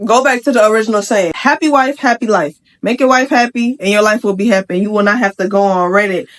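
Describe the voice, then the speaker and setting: A young adult woman giving casual commentary on a Reddit post, chatty and slangy, with frank opinions and quick asides. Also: mid-range voice. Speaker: vlogger reacting to a Reddit post.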